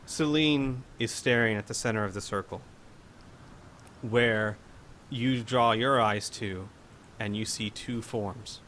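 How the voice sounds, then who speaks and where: A man in a middle register narrates the game as its master, slow and deliberate. He sets each scene dramatically, and a faint hiss of noise sits behind his voice. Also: medium pitch, a bit bright.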